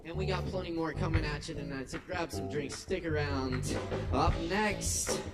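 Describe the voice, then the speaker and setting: A man's voice: a little high, fairly quick, distant mic. A man hosting a live open mic in a small bar, hyping up the crowd between acts. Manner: upbeat hype announcer. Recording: live bar recording with faint music.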